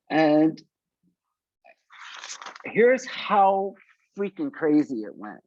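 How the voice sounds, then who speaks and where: Slow-talking older man telling band stories. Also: on the high side, dry recording, dull audio. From South Florida. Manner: animated storyteller acting out quoted voices. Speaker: punk band singer interviewed as guest. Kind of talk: casual storytelling interview.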